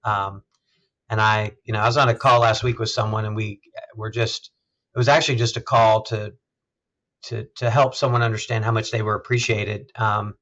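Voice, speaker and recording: A man's voice: on the low side, little pitch movement, fairly bright tone, muffled recording. A man, a health system CEO, speaking thoughtfully as an interview guest, often restarting his sentences. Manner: thoughtful, measured, halting restarts. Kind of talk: conversational interview.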